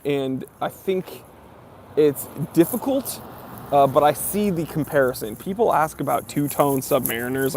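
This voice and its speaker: A man's voice: mid-range voice, gravelly, a little hiss or hum. A young man hosting a casual live stream Q&A, reading viewer comments aloud and chatting with lots of fillers. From near New York.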